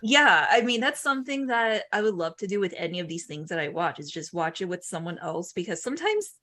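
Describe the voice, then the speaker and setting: A woman's voice: lowish voice, sing-song, fairly quick, bright, forceful tone. A woman guest on a podcast in casual chat, joking and frank, swearing casually.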